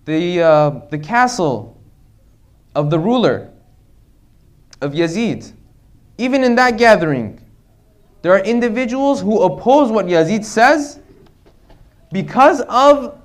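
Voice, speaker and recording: A man's voice: high-pitched, big pitch swings, slow, pauses often. A man giving an earnest religious lecture to a congregation, often checking in with rhetorical questions.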